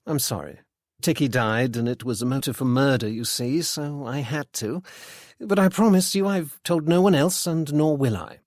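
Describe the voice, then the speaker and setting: A polite, apologetic young gentleman, as read by a male narrator, courteous and a little rushed. It sits at a middling pitch in a dry, close storybook reading. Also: no echo, natural voice.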